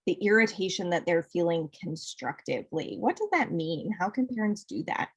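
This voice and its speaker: A woman's voice: on the low side, lively intonation, moderate pace, husky. A woman hosting a live interview, upbeat and passing on questions from viewer comments. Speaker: interview host.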